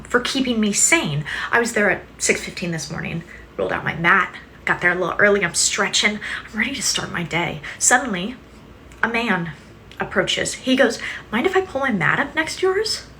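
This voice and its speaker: A young woman tells a story with biting sarcasm and mock indignation. Her voice is bright and sharp. A faint hiss sits under the recording. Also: mid-range voice, rough recording. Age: young adult. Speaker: content creator. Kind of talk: casual storytelling to camera.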